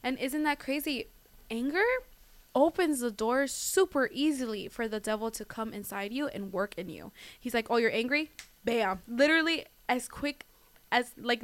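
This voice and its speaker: A woman's voice: fairly high pitch, fairly bright tone. A young woman giving a casual devotional talk as host, chatty and full of fillers, often calling her listeners "guys". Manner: chatty, lots of fillers and "like", laughs at herself.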